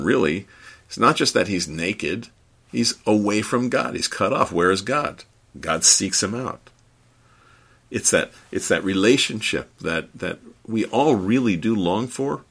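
A man preaching a sermon in an earnest, halting way, often repeating words as he builds each point. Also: sits low, gravelly, pushed and bright, husky.

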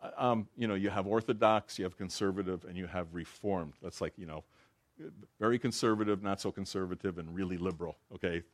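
A man's voice: sits low, fairly quick, no room sound. A man giving informal, conversational Bible teaching, telling jokes along the way. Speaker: preacher.

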